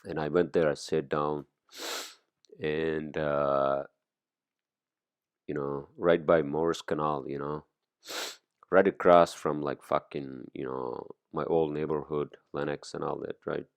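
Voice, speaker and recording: A man's voice: extremely low pitch, flat delivery, takes it slowly, long pauses, no echo. A man hosting a podcast, talking in a rambling, profane, casual monologue full of fillers. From immigrant to the US. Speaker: podcast host.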